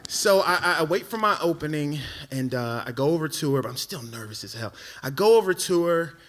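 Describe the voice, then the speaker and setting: A man telling a comic personal story live on a theatre stage, animated and self-mocking, tripping over himself with quick repeats. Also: a little high, slight background noise.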